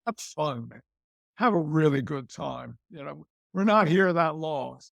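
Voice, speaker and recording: A man's voice: a little high, animated, measured pace, gravelly, dry recording, dull audio. An older man being interviewed about his career, chatting casually and repeating phrases for emphasis. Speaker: interview guest, TV host and author.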